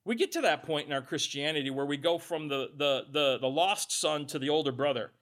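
A man's voice: fairly high pitch, brisk, a bit bright. A male pastor giving a conversational sermon, reading scripture aloud and adding joking asides.

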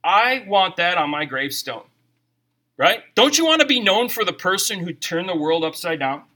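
Middle-aged guy preaching, high voice, super bright and sharp, jokey and chatty. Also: sing-song, normal speed. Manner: conversational preaching with jokes and scripture reading. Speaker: pastor. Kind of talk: sermon.

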